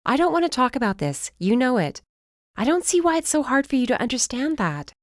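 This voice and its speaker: A woman's voice: high voice, big pitch swings, fairly quick, dry recording, studio quality, voice pushed up. A woman reading the part of a touchy, defensive sister in an audiobook, her lines clipped and exasperated. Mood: irritated.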